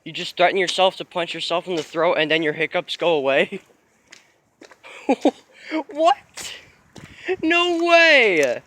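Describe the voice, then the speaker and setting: A man's voice: a little high, fairly even intonation, fast, hardly any pauses, fairly bright tone. A young man vlogging casually while walking outdoors, exclaiming in disbelief and laughing. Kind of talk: casual vlog talk to camera. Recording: windy outdoor noise.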